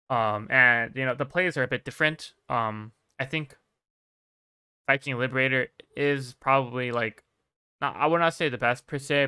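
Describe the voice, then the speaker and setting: A man giving relaxed, chatty commentary over a game replay as a coach, with many fillers. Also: medium pitch, clear, resonant tone. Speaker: StarCraft player and coach.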